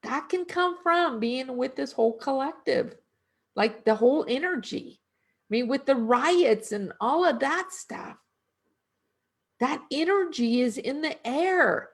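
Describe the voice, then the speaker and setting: A woman's voice: high-pitched, expressive. A middle-aged woman energy worker talking casually and reflectively, asking her listeners questions. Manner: reflective, slow, conversational with rhetorical questions. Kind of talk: casual spiritual talk.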